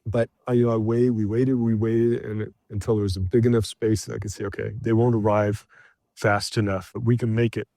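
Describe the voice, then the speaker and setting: A man's voice: fairly low pitch, fairly quick, creaky, dry recording. A middle-aged man, a podcast guest, telling a travel story casually with lots of fillers and restarts. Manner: animated anecdote teller, acts out shouted quotes.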